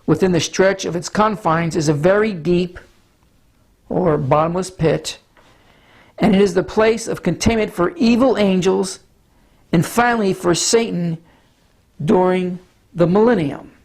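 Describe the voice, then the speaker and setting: A pastor giving a Bible teaching sermon, hoarse from allergies, with a scratchy voice, clearing his throat and stumbling over names now and then. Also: high-pitched, darkish tone. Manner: measured Bible teaching with frequent small stumbles.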